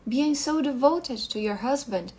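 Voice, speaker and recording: Read by a woman, this is a courteous male solicitor in a story, quiet and formal. He speaks slowly, in a husky, gravelly voice. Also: high voice, lively intonation, pitched above the performer's own voice, heavily acted.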